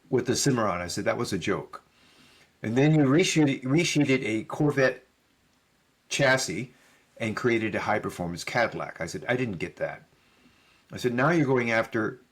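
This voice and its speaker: Husky middle-aged man telling stories. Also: mid-range voice. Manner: animated storyteller who acts out quoted dialogue; casual, with frequent fillers and "right?" tags. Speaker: podcast guest. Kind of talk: conversational storytelling.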